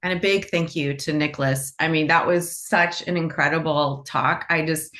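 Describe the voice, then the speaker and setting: A lowish-voiced woman speaks on a video call, gushing and laughing at herself as she hosts an online event. Her delivery is warm-hearted and playful. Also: fairly even intonation, normal speed. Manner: effusive, laughing, playfully self-mocking. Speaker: nonprofit co-founder and event host. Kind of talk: online event closing remarks.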